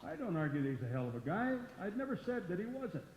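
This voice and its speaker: A man's voice: sits high, big pitch swings, quick pace, slight background noise. An older man, a former wrestler, telling blunt, profane stories to a live audience. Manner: gruff, profane, outspoken. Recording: roomy hall, muffled sound.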